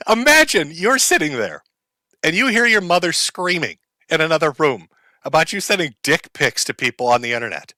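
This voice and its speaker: A man's voice: fairly high pitch, sing-song, normal speed, no room sound, studio quality. A male streamer giving crude, mocking comedic commentary on a played clip. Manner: loud, mocking, profane.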